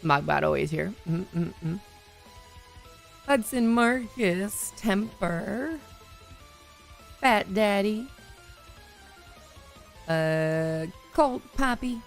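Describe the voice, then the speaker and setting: A woman hosting a live stream in casual chat, talking to her viewers and laughing often, her voice still a little hoarse. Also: medium pitch, animated, drawn-out words, pauses often, soft background music. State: slightly hoarse, voice recovering. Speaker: livestream host.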